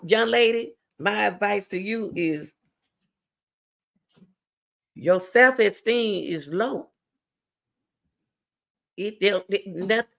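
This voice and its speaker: A woman's voice: medium pitch, creaky, a bit bright. A middle-aged woman hosting a talk show, giving blunt, emphatic advice and repeating her key words. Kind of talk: direct advice talk to a caller.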